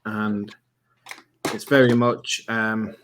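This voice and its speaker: A man's voice: on the low side, level tone, drawn-out words, a bit bright, a little hiss or hum. A man from Lincolnshire with a mixed Lincolnshire and Yorkshire accent, chatting casually on a livestream and reading out viewer comments. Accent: English, Lincolnshire with some Yorkshire. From Lincolnshire, England. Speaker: livestream co-host.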